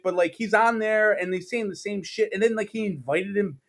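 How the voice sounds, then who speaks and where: Casting: man, New York accent, fired-up sports podcast rant, cursing freely, somewhat high voice. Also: lively intonation, normal speed. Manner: profane, exasperated ranting with mocking impressions. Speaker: podcast co-host.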